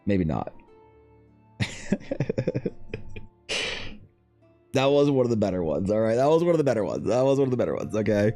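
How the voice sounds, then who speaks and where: A man's voice: mid-range voice, big pitch swings, moderate pace, long pauses, mellow, soft background music. A man chatting casually while drawing on a stream, telling rambling, profane stories with many restarts. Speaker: artist streamer.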